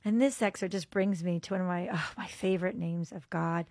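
Animated woman telling a faith story. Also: fairly low pitch, brisk, hardly any pauses, no echo. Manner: softens into quiet, earnest prayer. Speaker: faith podcast host. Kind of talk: devotional storytelling and prayer.

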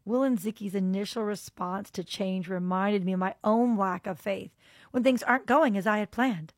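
Animated woman telling a faith story. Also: medium pitch, moderate pace, no room sound. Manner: softens into quiet, earnest prayer. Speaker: faith podcast host. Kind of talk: devotional storytelling and prayer.

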